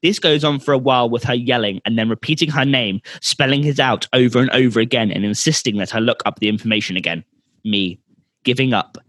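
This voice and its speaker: A man's voice: medium pitch, a little fast, a bit bright, no room sound. A young man co-hosting a podcast, reading a story aloud in a rambling, self-mocking way and laughing often. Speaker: podcast co-host.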